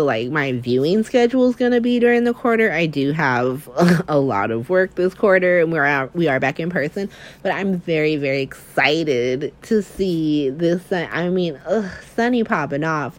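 A woman's voice: deep voice, moderate pace. Chatty young woman recapping episodes. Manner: chatty, filler-heavy, profane, animated retelling. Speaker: soap opera recap vlogger. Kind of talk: casual chat.

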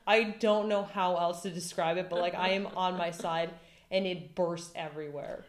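Woman, 30s, casual host; lively, dramatic storyteller; roomy echo. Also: lowish voice, moderate pace. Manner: animated, dramatic retelling with lots of "like". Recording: echoey room.

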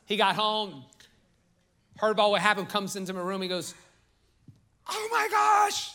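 A man in his forties preaches to his congregation in a bright, forceful voice. His delivery is animated and full of stories and jokes. He speaks a little higher than most men. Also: brisk. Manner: animated storytelling, joking with the congregation. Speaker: pastor. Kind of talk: sermon. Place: church sanctuary.

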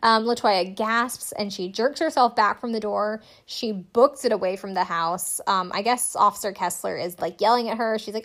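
A young woman casually recapping a TV show, chatty and sarcastic, full of "like" and quick asides. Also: medium pitch, fairly bright tone. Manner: chatty, sarcastic, lots of "like" and laughs. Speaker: podcast host recapping a TV show.

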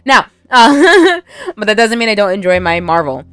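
A woman's voice: medium pitch, very animated, normal speed, a bit bright, smooth, soft background music. A woman casually recapping a film, rambling with many fillers and frequent laughter. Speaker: movie recap vlogger.

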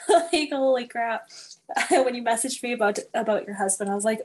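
A woman's voice: a little high, a little slow, pauses often. Easygoing woman co-host, hesitant talk. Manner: easygoing and hesitant, with frequent ums and uhs. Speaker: podcast co-host. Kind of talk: casual chat.

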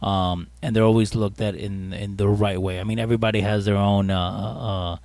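A man with a fairly low voice co-hosting a casual podcast, recorded close and dry with no room echo. He jokes and teases in a playful way and keeps the chat moving. He reads out viewer comments between his banter. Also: level tone, brisk, gravelly, darkish tone. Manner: jokey, playful, teasing.

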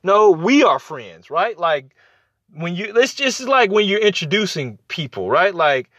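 A man's voice: sits high, animated, normal speed, a bit bright, no room sound, studio quality. A man talking casually about listening in relationships, repeating his points and acting out little exchanges as he goes. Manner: conversational, repeats phrases for emphasis, acts out quoted exchanges. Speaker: podcast host. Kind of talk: casual advice talk.

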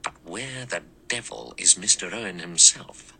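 Grim, cynical adventurer in a storybook, deep and dry, read by a man. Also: measured pace, sharp tone, slight background noise, full character voice, low-quality recording.

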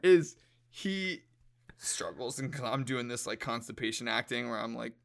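A young man in casual podcast chat, telling a story in an animated, laughing way with plenty of swearing. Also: medium pitch, unhurried, gravelly. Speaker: podcast guest.

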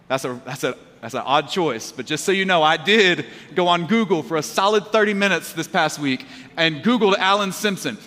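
Bright-voiced man preaching call-and-response. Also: sits high. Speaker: pastor. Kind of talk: sermon. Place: church auditorium. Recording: live hall with reverb.

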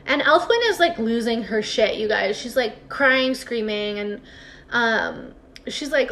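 A young woman with a slightly high voice, chatting casually as she recaps a TV episode. She talks in a loose, filler-heavy way and drops into quick impressions of the characters. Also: expressive, fairly bright tone. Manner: chatty, lots of "like", acts out characters' lines. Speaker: podcast co-host recapping a TV episode. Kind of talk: casual chat.

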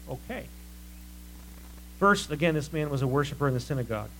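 A male preacher working through scripture in a lively, chatty sermon style. His voice sits a little high for a man, and he keeps asking the room rhetorical questions. A faint hum runs underneath. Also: rough recording. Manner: animated, rhetorical questions, conversational asides.

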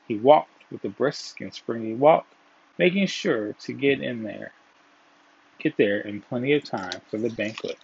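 A man reading a folk tale aloud in a gentle storytelling way, now and then restarting a phrase. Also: medium pitch, animated, moderate pace, gravelly, breathy edge, no echo. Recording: dull, dry, lo-fi.

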